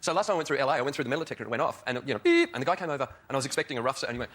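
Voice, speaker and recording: Bright, fast-talking male comedian telling a story. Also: medium pitch, sing-song. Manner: storytelling, acting out other people's lines. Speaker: comedy panelist. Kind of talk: comic anecdote. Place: TV studio with audience.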